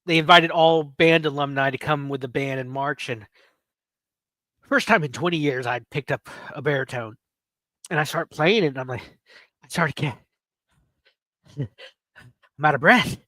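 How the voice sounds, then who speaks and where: A late-thirties man hosting a livestream rambles, tells stories, and banters playfully with chat in a casual session. He speaks at a normal speed but pauses often, his fairly high voice fairly bright on a dry recording.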